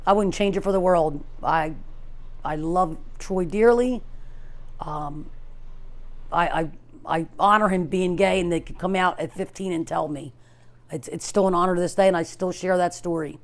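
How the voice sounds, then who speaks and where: A middle-aged woman, a performer's mother, speaking hesitantly in a documentary interview, with frequent pauses and retold dialogue. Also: on the low side.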